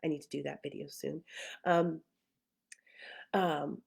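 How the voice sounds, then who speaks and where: Thoughtful woman therapist, low-pitched. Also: fairly even intonation, slow, vocal fry, a little mellow, breathy edge. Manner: thoughtful, many fillers and restarts; acts out her own past feelings in quotes. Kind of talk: casual talk to camera.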